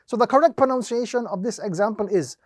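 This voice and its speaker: A man teaching Quran recitation, explaining each rule slowly and step by step, drawing out the example words and repeating the steps methodically. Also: high voice, animated, no echo, clean studio sound. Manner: slow, deliberate explanation with drawn-out demonstrations. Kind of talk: instructional lesson.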